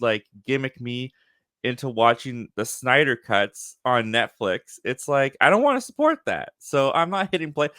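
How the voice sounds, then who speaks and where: A man's voice: mid-range voice, fairly bright tone, no room sound, studio quality. A man hosting a casual live movie chat show, easygoing and chatty with firm opinions. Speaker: host.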